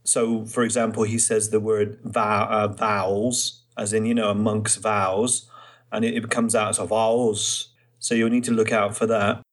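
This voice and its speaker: A man's voice: lowish voice, monotone, brisk, hardly any pauses. A man hosting a podcast in casual chat, explaining things with examples. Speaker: podcast host. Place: Trieste, Italy.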